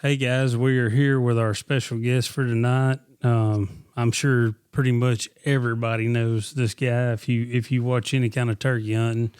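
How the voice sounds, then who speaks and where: A man's voice: medium pitch, flat delivery, normal speed, hardly any pauses, darkish tone, clean tone, no echo, studio quality. A man hosting a casual podcast, easygoing and a little hesitant as he introduces and questions his guest. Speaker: podcast host.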